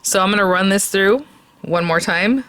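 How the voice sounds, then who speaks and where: In a bright, medium-pitched voice at a moderate pace, a woman demonstrates a papercraft project step by step, narrating while she cuts. She's enthusiastic and easily delighted, chattily checking in with "okay?" and "right?", and there's no room sound.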